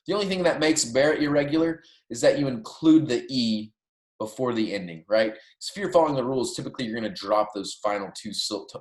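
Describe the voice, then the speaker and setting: A man's voice: mid-range voice, expressive, brisk. A man, a Spanish teacher, giving a recorded lecture and walking through verb endings, often checking in with "right?" and "okay?". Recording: echoey room.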